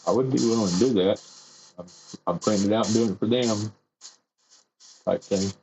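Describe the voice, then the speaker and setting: A man's voice: fairly low pitch, normal speed, creaky, a little mellow, slight background noise, rough recording. A man chatting casually and rambling as he airbrushes in his home workshop on a livestream. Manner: rambling, easygoing, self-deprecating. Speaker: airbrush artist streaming his work. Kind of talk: casual livestream chat while painting.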